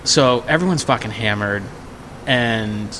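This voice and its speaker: A man co-hosting a podcast, telling a drinking story in a casual, animated, profane way. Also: on the low side, unhurried, long reverb tail, a little hiss or hum. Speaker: podcast co-host.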